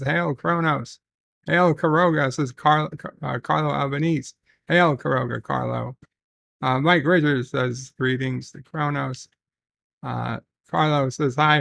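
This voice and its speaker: A man's voice: medium pitch, creaky, fairly bright tone, no room sound. A man hosting a casual livestream, rambling and reading chat messages aloud with filler ums. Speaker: livestream host.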